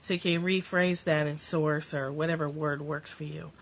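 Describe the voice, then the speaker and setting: A woman's voice: sits low, steady tone, moderate pace. A woman hosting a casual livestream from home, reading spiritual passages and chatting, laughing often as her cats interrupt. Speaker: live-stream host. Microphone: phone or webcam livestream.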